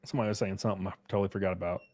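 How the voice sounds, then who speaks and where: A young man casually chatting on a livestream while reading chat. He is loose and profane, uses lots of fillers and suddenly jumps way up in pitch for jokes. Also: racing, a little hiss or hum. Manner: animated, pitch jumps up sharply on bits.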